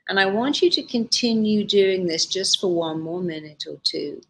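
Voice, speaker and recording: A woman therapist guiding listeners through a session of spoken affirmations, with slow, emphatic repetition. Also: medium pitch, fairly bright tone, slight background noise. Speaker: therapist leading a guided exercise.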